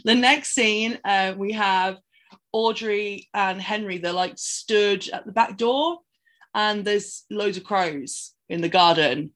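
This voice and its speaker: A woman's voice: mid-range voice, slow pace, fairly bright tone. Chatty woman retelling a film. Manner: rambling, acts out characters' lines while retelling scenes. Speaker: podcast co-host. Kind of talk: casual film recap chat.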